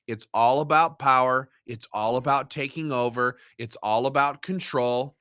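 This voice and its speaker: A man's voice: mid-range voice, unhurried, hardly any pauses, sharp tone, clear, resonant tone, dry recording, clean studio sound. A man giving live reaction commentary, heated and indignant as he rants. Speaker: livestream commentator.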